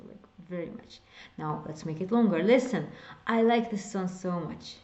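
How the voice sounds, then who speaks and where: This Hebrew teacher's voice is fairly low and a little mellow, captured in an echoey room with the highs missing. Teaching a beginners' lesson, she goes step by step at a slow pace, repeats example phrases and whispers some words to show how they sound.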